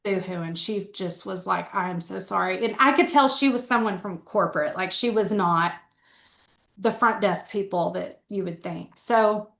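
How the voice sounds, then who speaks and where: A woman's voice: mid-range voice, measured pace, vocal fry, a bit bright, reverberant. A middle-aged woman telling her story candidly as a podcast guest, talking earnestly with a lot of "like" fillers. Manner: earnest, conversational, frequent "like" fillers.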